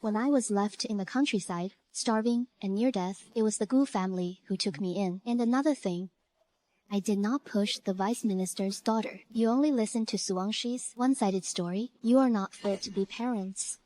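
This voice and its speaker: A young woman voicing a dignified, wronged woman scholar who speaks in a measured way, in a dubbed period drama. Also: mid-range voice, dark tone, lightly acted. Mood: defiant. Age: young adult.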